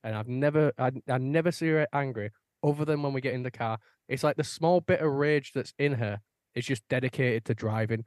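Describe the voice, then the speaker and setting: A man's voice: medium pitch, fairly quick, no room sound. A young man chats casually, laid-back, with lots of swearing. The sound is close and dry, with no room at all. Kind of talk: casual chat.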